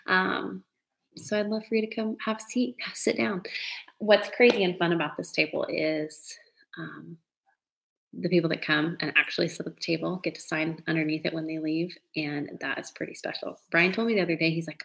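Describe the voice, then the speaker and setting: A woman's voice: low voice, steady tone, normal speed, vocal fry, a bit bright. A middle-aged woman hosting a casual live broadcast from her dining room, chatty and emotional, laughing often. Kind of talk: casual live-stream chat.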